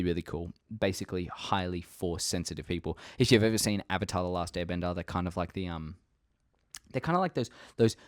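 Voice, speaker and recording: With a low voice and studio-quality audio free of room sound, a young fan-channel host talks through theories in an excited, casual ramble. He swears freely and keeps laughing at himself.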